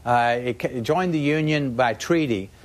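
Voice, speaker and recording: A man's voice: medium pitch, measured pace. Defiant man on TV. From Texas. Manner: defiant, folksy, brushes off the host. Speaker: political guest. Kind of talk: TV interview.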